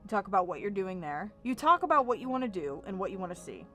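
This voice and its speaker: A woman's voice: medium pitch, big pitch swings, fast talker, bright, forceful tone, faint music behind. A young American woman telling a story to camera in a casual vlog, emphatic and swearing freely. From United States. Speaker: vlogger.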